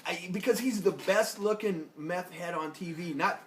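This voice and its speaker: Guy rambling about a tv episode, kinda high voice, echoey room, bit of hiss. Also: normal speed, fairly bright tone. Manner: laid-back, rambling, joking. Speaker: podcast co-host. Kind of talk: casual TV review chat. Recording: echoey room with faint noise.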